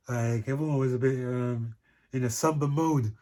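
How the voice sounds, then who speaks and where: A man's voice: mid-range voice, steady tone, moderate pace, warm tone. A young adult man, chatting in an easygoing way as co-host, often checking he is understood. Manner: easygoing, laughs often, repeats "if you get what I mean". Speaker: co-host of a couples channel. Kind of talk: casual chat.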